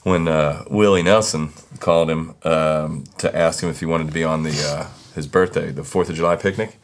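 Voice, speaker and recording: A male host in a casual interview chat, easygoing and quick to react. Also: rumbling low, steady tone.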